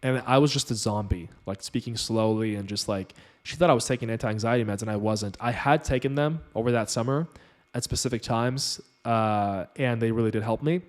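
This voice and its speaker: A man's voice: medium pitch, a little fast. A man telling his own story to camera on his channel, earnest and rambling, full of fillers. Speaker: channel host.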